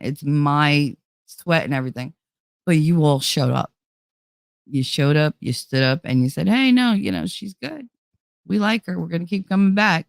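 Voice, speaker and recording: A woman's voice: sits low, dry recording, clean studio sound. A woman hosting a casual livestream, blunt and profane, reading chat aloud while tired and running on fumes. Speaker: livestream host.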